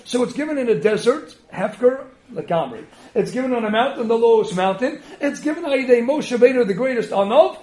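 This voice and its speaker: Man with a high voice giving an emphatic torah class, roomy echo. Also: animated, fairly quick, few pauses, a little mellow. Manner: emphatic, asks rhetorical questions and answers them. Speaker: rabbi giving a Torah lecture. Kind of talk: spirited Torah lecture.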